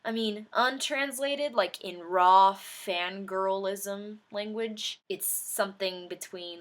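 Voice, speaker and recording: A young woman vlogging an excited movie reaction, gushing and animated, with sudden high outbursts. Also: slow.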